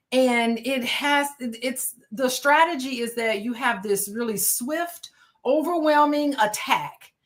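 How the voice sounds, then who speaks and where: A woman on a discussion panel, explaining her point in a measured way with some fillers. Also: fairly high pitch.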